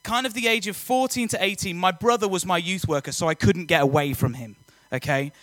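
High-voiced, jokey young man. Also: fairly quick, no echo. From England. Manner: energetic, jokey, audience-engaging. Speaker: youth speaker. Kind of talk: personal testimony talk to students.

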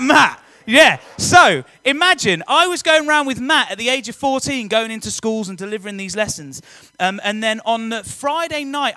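High-voiced, jokey young man. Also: no echo. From England. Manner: energetic, jokey, audience-engaging. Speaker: youth speaker. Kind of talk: personal testimony talk to students.

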